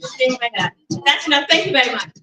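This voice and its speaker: A woman hosting a conference event, giving a lively motivational talk and calling out questions for the audience to answer. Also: high-pitched, fast talker, distant mic, a crowd in the background. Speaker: event host. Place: conference auditorium. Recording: echoey hall, from off the mic.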